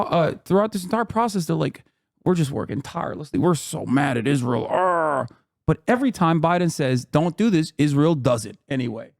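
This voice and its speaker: A man hosting a live stream, giving heated, casual political commentary with frequent swearing and emphatic outbursts. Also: a little high. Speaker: streamer host.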